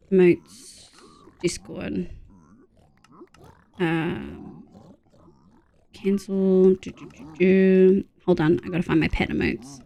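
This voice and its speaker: A creaky, medium-pitched voice belongs to a young Australian woman streaming live. She chats casually, reads viewers' messages out loud, gushes over their photos, and mutters asides.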